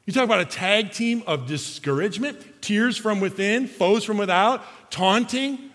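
A man preaching a sermon as pastor, swinging between loud emphatic lines and soft, slow, hushed passages. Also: high voice, expressive, long reverb tail.

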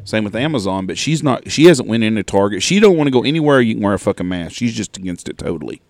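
A man's voice: fairly low pitch, expressive, fast talker, a little mellow, no echo, studio quality. A man co-hosting a hunting podcast, telling blunt, profane stories in casual chat. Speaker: podcast co-host.

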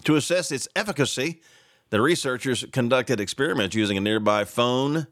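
A man hosting a casual morning radio show, greeting texters, pitching a sponsor and reacting to the news in a rambling, animated way. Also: dry recording, studio quality. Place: radio studio. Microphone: studio microphone.

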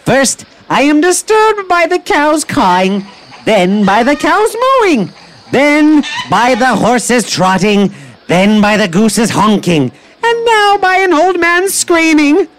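A woman plays an irritable storybook woman who grumbles and huffs. Her voice is fairly high and swings widely in pitch, and she keeps an unhurried pace. Faint music runs under her lines. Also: big pitch swings, a little hiss or hum, full character voice. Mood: indignant. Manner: indignant, complaining. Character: grumpy exasperated woman with a goose. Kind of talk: animated storybook voice acting.

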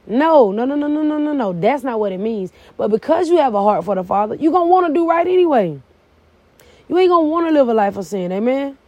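A woman's voice: high-pitched, animated, fairly quick, a little mellow, no echo, dull audio. A middle-aged woman hosting a faith-based podcast, preaching in a fervent, casual way. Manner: preachy, fervent and casual, with plain church phrasing. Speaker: podcast host.

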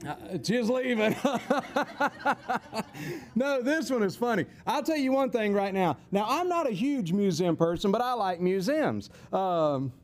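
High-voiced folksy male teacher. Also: sing-song, normal speed, hardly any pauses. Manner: folksy, rambling, with chuckling asides. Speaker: teacher on temperaments. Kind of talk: casual teaching talk.

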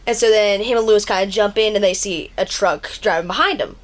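A woman co-hosting a podcast, retelling a film's plot in a casual, animated way with frequent swearing. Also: mid-range voice, fast talker. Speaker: podcast co-host. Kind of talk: casual movie recap chat.

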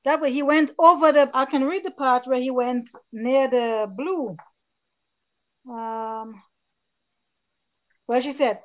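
Lo-fi woman author, higher voice. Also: steady tone, slow pace, long pauses. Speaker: children's book author. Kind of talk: interview guest reading from her book. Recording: dull lo-fi sound.

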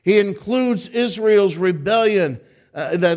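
A man preaching a sermon to a congregation in church, animated, repeating his words and tossing in joking asides. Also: a little high, unhurried. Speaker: pastor.

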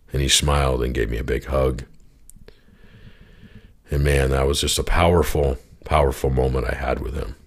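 A man with an extremely deep, husky voice hosts a podcast. He speaks earnestly and from the heart, circling back to his points and addressing the listener directly with encouragement. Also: fairly even intonation, moderate pace, pauses often. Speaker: podcast host. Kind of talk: reflective spoken monologue.

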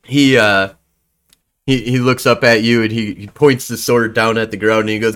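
A man's voice: on the low side, steady tone, normal speed, fairly bright tone, smooth. A man narrating a tabletop game as game master, casual and loose.

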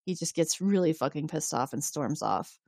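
A woman co-hosting a podcast, retelling an episode in a casual, animated way and acting out the quotes. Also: low voice, moderate pace, gravelly, no echo, studio quality. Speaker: podcast co-host. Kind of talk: casual recap chat.

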